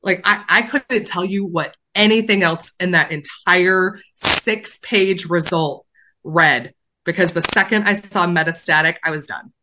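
A woman on a podcast telling a personal story in casual chat, animated and self-mocking, swinging quickly between worry and laughter. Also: fairly low pitch, background noise. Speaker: podcast co-host.

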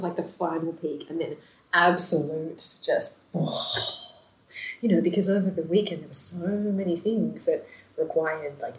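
A woman telling a story in casual chat, animated, laughing often and acting out the voices of the people she quotes. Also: on the low side. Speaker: storyteller in a conversation. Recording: roomy echoey recording.

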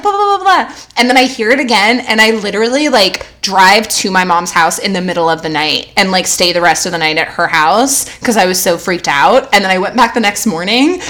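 A young adult woman co-hosts a podcast, rambling through personal stories in casual chat. Her voice is medium-pitched with a fairly bright tone, and she uses "like" heavily and laughs often.

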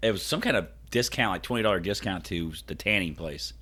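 A man co-hosting a podcast, chatting casually and rambling through animated anecdotes. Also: low voice, a little fast. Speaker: podcast co-host. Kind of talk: casual chat.

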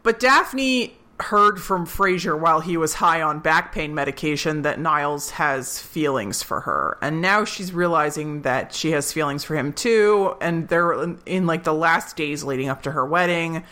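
Bright young woman on a podcast, chatty, laughs a lot. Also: low voice. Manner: chatty, laughs often, quick asides. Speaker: podcast co-host. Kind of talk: casual chat.

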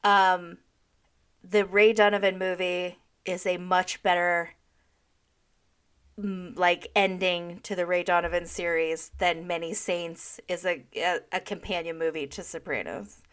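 Young woman telling a profane, animated story. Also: lowish voice, measured pace, clean tone. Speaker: podcast co-host. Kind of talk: casual chat.

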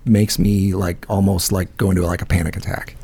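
A man's voice: low voice, little pitch movement, brisk, vocal fry, mellow, breathy edge. A man hosting a call-in show, telling a rambling, profane story full of fillers. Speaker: host. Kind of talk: casual storytelling.

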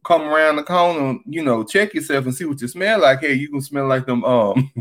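A vlogger in a casual commentary monologue, animated and exclamatory, swearing freely and cackling often. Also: mid-range voice, fairly quick, slight background noise.

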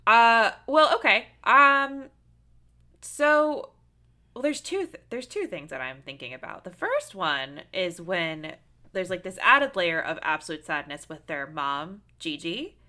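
A woman co-hosting a podcast, chatting casually about a film with lots of fillers and loud laughter. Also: lowish voice, unhurried. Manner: animated, laughs loudly, many fillers. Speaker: podcast co-host.

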